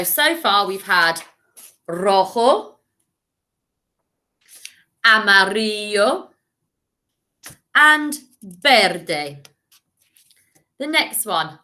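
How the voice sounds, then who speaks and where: Slow, bright-voiced English woman teacher. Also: mid-range voice. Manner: slow, clear, encouraging, modelling words to repeat. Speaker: primary school teacher. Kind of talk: recorded online language lesson for children.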